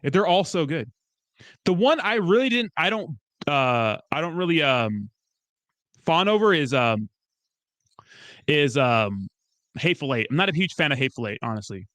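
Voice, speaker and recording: A young man chatting casually as a streamer, rambling and excitable, swearing often and breaking into laughs. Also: on the high side, moderate pace, long pauses, no echo. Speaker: crypto streamer. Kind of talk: casual chat.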